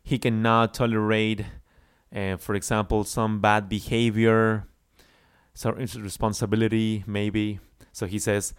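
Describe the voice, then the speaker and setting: Male English teacher for a song lesson, drawn-out phrases for repetition, smooth voice, dry close sound. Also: on the low side, level tone, no room sound.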